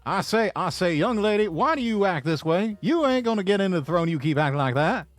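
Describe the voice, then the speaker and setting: A man puts on a loud, pompous old cartoon rooster with a put-on Southern drawl, lecturing and stammering "I say, boy". The voice sits higher and louder than his own and swings widely in pitch. The sound is close and dry. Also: animated, fairly quick, no room sound, soft background music. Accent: American Southern (put on).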